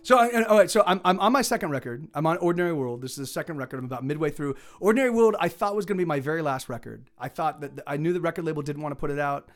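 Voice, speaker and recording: A man's voice: on the high side, lively intonation, racing, hardly any pauses, soft background music. A middle-aged male musician streaming live, chatting casually between songs and rambling with many restarts. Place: home streaming setup.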